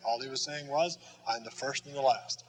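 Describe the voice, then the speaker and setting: A man teaching a lesson at a slow, patient pace, pausing often with fillers and demonstrating sounds and letter strokes. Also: medium pitch, rough recording. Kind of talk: classroom lesson.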